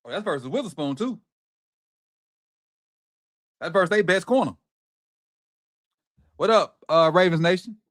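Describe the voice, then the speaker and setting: A middle-aged man hosting a watch party, calling plays live with excited, slangy reactions. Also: sits high, unhurried, pauses often. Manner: excited, animated play-by-play reactions with Southern slang. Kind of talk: live football watch-along commentary.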